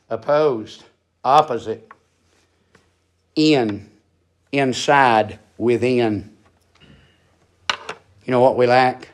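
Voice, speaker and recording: A man's voice: mid-range voice, very slow, pauses often. A man preaching a sermon, emphatic and repetitive, building in intensity.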